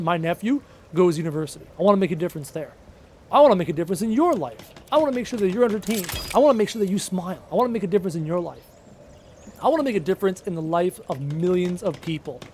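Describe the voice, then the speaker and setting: This Canadian gaming streamer has a high voice with a darkish tone and chats casually on a live game stream. He answers his chat and repeats himself for emphasis, with slight background noise audible.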